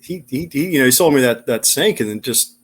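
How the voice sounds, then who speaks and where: A man's voice: mid-range voice, expressive, fairly quick. A man co-hosting a podcast, chatting casually and recounting things with enthusiasm.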